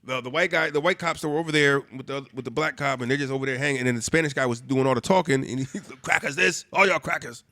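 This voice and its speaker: Fast-talking man telling a story. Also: mid-range voice, dry recording. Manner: profane, animated storytelling. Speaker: podcast cohost. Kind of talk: casual chat.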